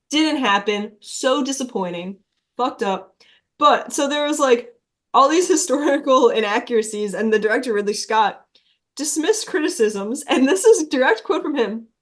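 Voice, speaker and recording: Woman musician guest, higher voice, profane and giggly storytelling. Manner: blunt, swears freely, laughs through stories. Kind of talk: casual chat.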